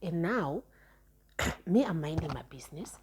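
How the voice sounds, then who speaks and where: A young woman talks through a personal story in a relaxed vlog monologue. Her voice sits low, dark and mellow, with a very husky, breathy grain. She is frank and chatty, often stumbling and repeating words as she restarts. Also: a little slow. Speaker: storytime vlogger.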